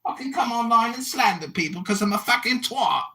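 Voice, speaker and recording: An American man in his forties, loud, abrasive and mocking as he trades insults in an audio chat room argument. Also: extremely high pitch, expressive, brisk, rough recording. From United States. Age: 40s. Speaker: political candidate and online personality.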